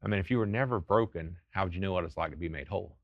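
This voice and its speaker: A man's voice: low voice, no room sound, lo-fi sound. A man telling faith stories as a guest in a TV interview, fervent and earnest. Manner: fervent storytelling, quick and earnest. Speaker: ministry founder and guest. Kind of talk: testimony in a TV interview.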